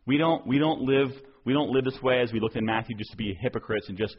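A man's voice: medium pitch, fast, muffled recording, slight background noise. A man preaching a sermon as pastor, earnest, often repeating and restarting words as he presses his point.

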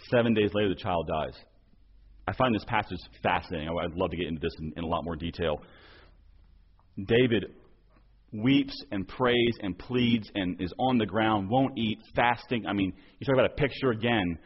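Husky low-voiced preacher man. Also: dull audio. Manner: earnest, repeats and restarts words while preaching. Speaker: pastor. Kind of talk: sermon.

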